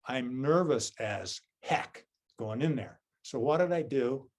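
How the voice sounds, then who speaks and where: A man's voice: medium pitch, lively intonation, takes it slowly. Southern man giving a conversational Zen talk. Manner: conversational, checks in with listeners with "right?" and "okay?"; self-deprecating, storytelling. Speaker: Zen teacher. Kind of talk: dharma talk with a personal story.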